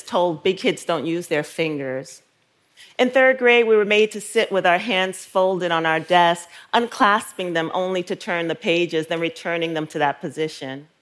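A woman in her fifties from New York, a writer giving a slow, measured storytelling talk on stage, with soft trailing phrases. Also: lowish voice. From Brooklyn, New York.

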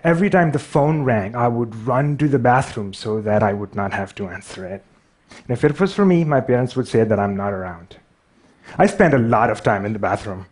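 A man's voice: medium pitch, expressive, a little fast, darkish tone, slightly rough. A man with a Pakistani accent giving a wry, self-deprecating storytelling talk on stage. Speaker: speaker.

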